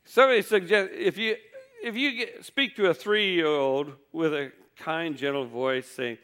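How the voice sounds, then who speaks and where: A man's voice: on the high side, a little slow, fairly bright tone, smooth. A man preaching a sermon, telling folksy stories with wry humor.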